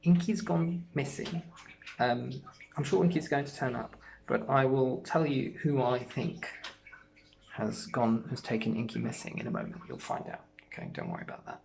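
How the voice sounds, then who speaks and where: Music teacher, patient and encouraging, slight gravel, middle pitch, talking to small kids. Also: sing-song, a crowd in the background. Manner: gentle, encouraging, speaks slowly and clearly to children. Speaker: primary school music teacher. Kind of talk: online music lesson for young children.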